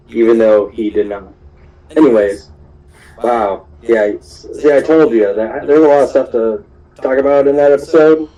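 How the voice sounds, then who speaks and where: A young man recapping an anime episode in a loose, rambling way, with lots of "um"s and asides. His voice is mellow and low-key, pitched in a middle range, and reads as unscripted chat. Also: moderate pace, rough recording. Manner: rambling, full of fillers and laughs.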